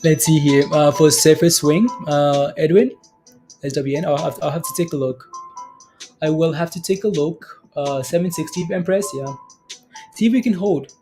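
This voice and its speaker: A man's voice: on the high side, moderate pace, music in the background. A young man hosting a stock trading livestream, rambling casually and laughing often as he reads viewer comments.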